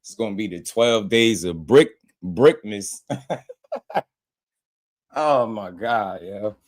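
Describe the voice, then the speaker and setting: Laughing, slangy boxing stream host. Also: male voice, fairly low pitch, takes it slowly. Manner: laughs constantly, slangy, excitable banter. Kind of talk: casual live-stream reaction chat.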